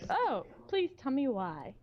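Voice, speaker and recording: A woman's voice: sits high, huge pitch swings, slow, a little hiss or hum. A woman joining a podcast on a video call, playful and giggly. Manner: giggly, playful, talks over others. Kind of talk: casual chat on a live stream. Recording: dull lo-fi stream audio.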